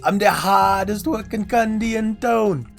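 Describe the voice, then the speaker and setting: A man voicing a flirty, boastful male candy mascot in a loud Jamaican accent. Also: a little slow, gravelly, soft background music. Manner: loud, brash, boastful sales pitch.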